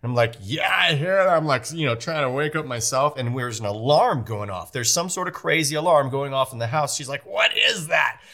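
Male pastor in his 30s telling funny family stories, animated, does little voices for his kids and wife, mid-pitched. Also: brisk, few pauses. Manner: animated, acts out family dialogue with playful voices. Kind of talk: sermon storytelling.

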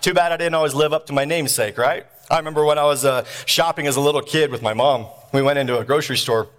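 A man preaching a sermon in an animated, jokey way, laughing often between points. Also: fairly high pitch, fast talker, clear, resonant tone. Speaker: pastor.

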